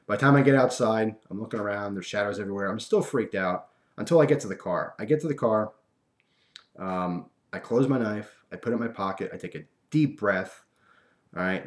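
A young man casually telling a personal story to his viewers, animated and full of fillers and restarts. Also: on the low side.

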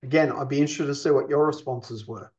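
A man's voice: medium pitch, steady tone, fast talker, a little mellow, dull audio. A man teaching a counselling lesson in an explanatory way, often checking in with his listeners. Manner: explanatory, checks in with "you see?" and "okay?". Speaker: counselling instructor.

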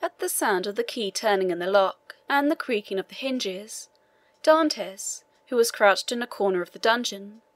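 A woman narrating an audiobook of a classic novel in a measured, even reading. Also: mid-range voice, no room sound. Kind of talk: scripted narration.

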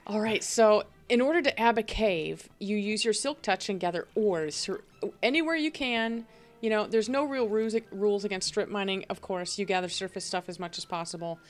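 A woman's voice: medium pitch, normal speed. A woman hosting a multiplayer game session over voice chat, explaining the rules at length with fillers. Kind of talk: casual gaming chat over voice call.

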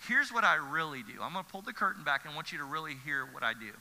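A man's voice: a little high, lively intonation, fast, pushed and bright. A man, a pastor preaching an earnest sermon with emphatic repetition. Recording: church hall reverb.

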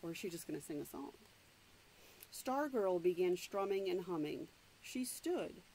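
A woman's voice: lowish voice, expressive, warm tone, slight background noise, rough recording. A woman reading a novel aloud, stopping now and then to explain the story in her own words. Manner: plain, unhurried read-aloud narration with asides. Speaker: reader.

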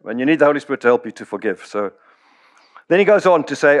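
A man's voice: medium pitch, expressive, quick pace. A middle-aged man, preaching a sermon in a storytelling way and acting out quoted voices. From South Africa. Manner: storytelling, acts out quoted voices, chuckles often. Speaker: pastor.

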